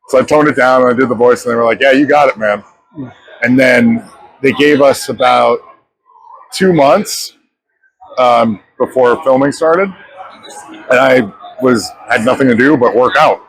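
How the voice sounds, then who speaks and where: A man, an actor in his thirties, telling stories in a lively way as an interview guest at a convention, acting out the dialogue he quotes. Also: mid-range voice, normal speed, long pauses, dry recording, poor audio. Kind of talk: animated storytelling interview. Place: pop culture convention.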